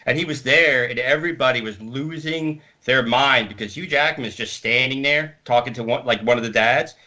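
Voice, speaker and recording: A man speaking over a video call as an interview guest, telling casual stories with animated, profane retellings of what people said. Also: medium pitch, normal speed. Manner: animated, swearing, acts out quotes. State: hard of hearing. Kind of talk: casual storytelling.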